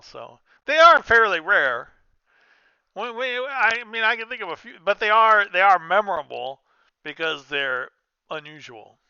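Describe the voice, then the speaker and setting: Bright, clear-voiced man rambling while gaming. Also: sits high, no echo, dull audio. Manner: rambling, self-interrupting, chatty. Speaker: gaming streamer. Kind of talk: casual gameplay commentary.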